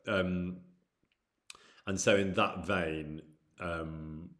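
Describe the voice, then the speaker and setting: A man's voice: sits low, fairly even intonation, drawn-out words, a bit bright. A middle-aged man with a light Midlands accent, chatting casually and candidly as he answers viewer questions, with frequent ums and restarts. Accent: light Midlands English. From England. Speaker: actor streaming with chat.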